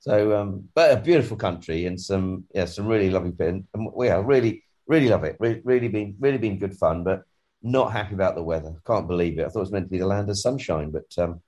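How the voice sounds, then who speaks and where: An English man with a lowish voice, co-hosting a podcast in a casual, joking way. He is talking over a remote call while nursing a cold, and he often restarts his sentences. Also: fast talker, darkish tone. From England. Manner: chatty and jokey, with many restarts and fillers. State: has a cold. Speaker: podcast co-host. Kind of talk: casual chat.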